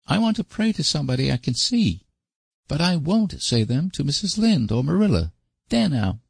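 An anxious little boy with a high, pleading voice that stumbles over his words, as a man puts him on for a storybook. The voice sits well above the reader's own, dry and close to the mic. Hoarse at the edges. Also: big pitch swings, normal speed, dry recording, heavily acted. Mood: stubborn. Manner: pleading, hesitant, stammering. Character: small anxious earnest boy.

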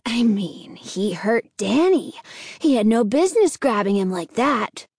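A woman's voice: on the high side, sing-song, a little slow, a little mellow, husky, dry recording, clean studio sound, exaggerated voice. A woman voicing a scheming boy who scoffs and challenges the others. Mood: scornful. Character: scornful scheming boy, Alan.

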